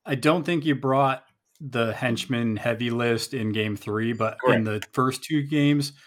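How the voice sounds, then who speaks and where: In a relaxed game recap conversation, a male podcast co-host speaks at a measured pace in a mid-range voice. He casually poses questions and runs through a list of game pieces.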